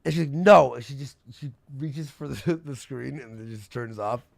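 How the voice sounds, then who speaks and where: Brief: young male streamer, gravelly, rambling storyteller, mid pitch. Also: moderate pace, darkish tone, dry recording, clean studio sound. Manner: rambling gossip storyteller, swearing, laughing. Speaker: streamer host. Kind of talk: casual livestream chat.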